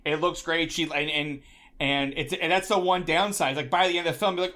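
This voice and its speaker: A high-pitched man from the States talks in a loose, rambling way on a podcast. He piles up asides as he tells his stories, all in casual chat. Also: fairly quick. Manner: rambling, animated storytelling. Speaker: podcast guest.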